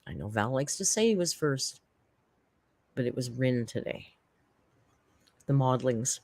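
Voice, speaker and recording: A woman's voice: extremely low pitch, animated, a little slow, darkish tone, no echo. A woman hosting a casual livestream from home, rambling and chatty as she thanks chat members, on a desk microphone. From Canada. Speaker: livestream host.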